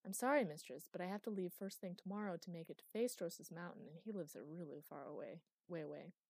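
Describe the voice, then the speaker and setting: A woman reading an audiobook, voicing an eager, childlike young servant girl with a high, innocent, earnest voice. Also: quick pace, a little mellow, husky, dry recording. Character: eager girlish servant Anouk/Maggie, sweet and childlike.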